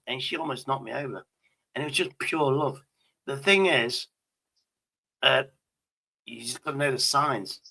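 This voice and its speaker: A man's voice: medium pitch, sharp tone, rough recording. A man from Britain hosting a stream, telling rambling stories in crude casual banter and swearing constantly. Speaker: stream host.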